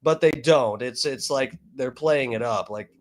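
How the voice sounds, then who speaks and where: A man's voice: mid-range voice, a little slow. A man streaming casual commentary over videos, rambling and profane, with many fillers.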